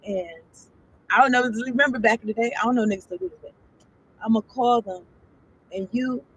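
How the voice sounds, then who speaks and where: A woman's voice: fairly high pitch, fairly quick, slightly rough, highs cut off. A woman doing a casual tarot reading, reading card text aloud and then riffing on it in a loose, profane, chatty way. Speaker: tarot reader.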